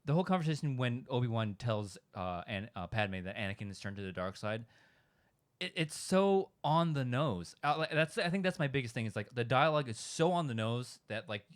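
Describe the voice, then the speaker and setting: A man co-hosting a relaxed fan chat show, speaking in a middle register. He rambles, stops and restarts his sentences, and leans on fillers as he works through his point. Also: medium pitch, brisk. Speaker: podcast co-host. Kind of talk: casual chat.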